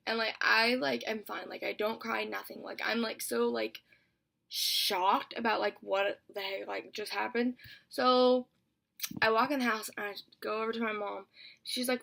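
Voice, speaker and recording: A woman's voice: medium pitch, steady tone, normal speed, vocal fry, sharp tone. A young woman telling a storytime vlog in a chatty way, filling almost every phrase with "like". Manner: chatty, says "like" constantly. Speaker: vlogger.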